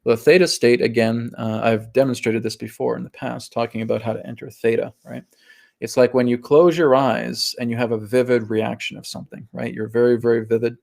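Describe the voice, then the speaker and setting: Guy hosting a live spiritual q&a, gravelly voice, chatty and animated, keeps asking "right?". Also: medium pitch, fairly quick. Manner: casual and animated, often asks "right?", acts out voices. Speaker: host and spiritual teacher. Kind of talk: live-stream spiritual talk and Q&A.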